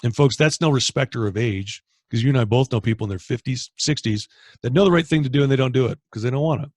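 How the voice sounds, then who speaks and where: A Canadian man leads a group training over a video call, speaking with lively, animated energy as a motivational coach. His voice sits at a middle pitch and sounds close and dry, with no room around it. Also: fast talker, no echo. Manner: energetic, animated, acts out inner dialogue. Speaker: training manager hosting a call.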